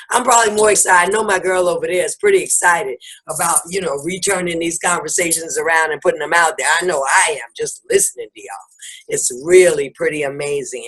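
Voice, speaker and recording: A woman's voice: on the low side, a bit bright, husky. A woman hosting a casual spiritual conversation, talking in a familiar, folksy way and speaking bluntly. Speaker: host.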